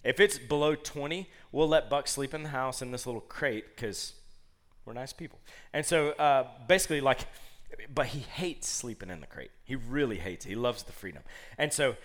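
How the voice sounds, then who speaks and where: Animated man preaching a casual sermon. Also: normal speed. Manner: animated, conversational, acts out quotes in high voices. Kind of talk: sermon with personal stories.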